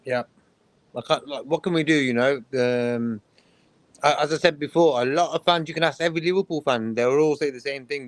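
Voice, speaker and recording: Co-host, man, quick interjections, dry close sound. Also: a little high, dry recording. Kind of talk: casual fan show chat.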